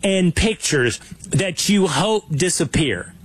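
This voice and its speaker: A man hosting a loose talk show, his voice pitched high and slightly husky. He swings widely up and down as he riffs, slowing down to lean on his points. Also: expressive, dry recording. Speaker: podcast host. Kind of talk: casual talk show banter.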